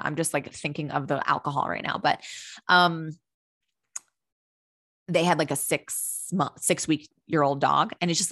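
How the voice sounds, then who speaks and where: Woman, young adult, low pitch, candid animated storytelling, casual swearing, dry close sound. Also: no room sound. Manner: candid and animated, swears casually, acts out her own thoughts.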